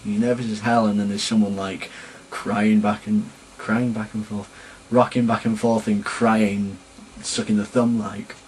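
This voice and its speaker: A man's voice: on the low side, level tone, a little slow, a little mellow, a little hiss or hum, low-quality recording. A young man from Sheffield with a Sheffield English accent, rambling and chatty as he rants casually to camera in a vlog. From England. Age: young adult. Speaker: vlogger.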